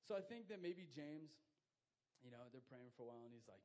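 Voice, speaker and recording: A young man giving a casual, slangy sermon, telling jokey stories with sudden loud bursts. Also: mid-range voice, expressive, brisk, low-quality recording. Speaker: youth pastor.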